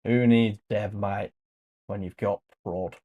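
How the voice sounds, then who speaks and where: A happy-go-lucky male developer with a put-on Australian accent who shrugs off testing and ends lines with a drawled "mate", as a man puts on the voice. The voice sits a bit low. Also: steady tone, slow pace, muffled recording. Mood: joking. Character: laid-back Australian male developer, careless.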